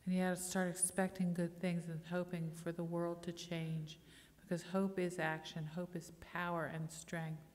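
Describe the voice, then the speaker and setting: A woman's voice: fairly low pitch, level tone, normal speed, a little mellow. A middle-aged woman pastor preaching a sermon, telling personal stories and leading the congregation in call-and-response. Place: church sanctuary. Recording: long church reverb.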